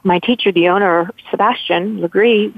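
Gravelly woman on a tinny phone line. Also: medium pitch, normal speed, no room sound. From Southern California. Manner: rambling, heartfelt, with many restarts. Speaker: guest. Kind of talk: casual interview storytelling.

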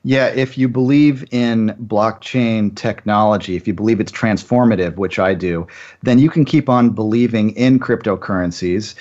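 Low-voiced male analyst, lots of uhs. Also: normal speed, a little mellow, muffled recording. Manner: chatty, many uh fillers, confident opinions. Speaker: guest financial analyst. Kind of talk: finance radio interview.

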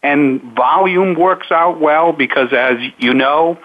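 A man who coaches public speaking, answering interview questions in a measured, unhurried way with frequent pauses. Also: fairly high pitch. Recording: narrow phone-line sound.

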